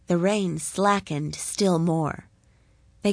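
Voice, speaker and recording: A woman reads a story aloud in a calm, deliberate voice, taking her time over every line. Her pitch sits slightly low and the recording is close and dry. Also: dry recording. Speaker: narrator.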